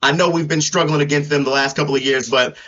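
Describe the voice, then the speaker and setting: A man's voice: fairly high pitch, fairly even intonation, fast talker, pushed and bright. A man co-hosting a casual sports podcast, hyped and confident, often repeating words as he restarts his sentences. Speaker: podcast co-host. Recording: dull lo-fi sound.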